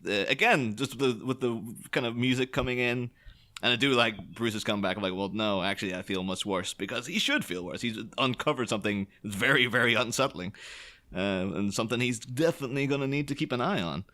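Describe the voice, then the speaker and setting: A man co-hosts a podcast, casually talking through a film, rambling, laughing often and mimicking the characters. His mid-range voice is brisk with a sharp tone.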